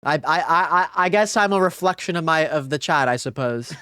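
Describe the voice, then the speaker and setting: A man's voice: fairly high pitch, lively intonation, brisk, pushed and bright, smooth, no echo, clean studio sound. A young man streaming, chatting casually with sarcasm, frustration and swearing.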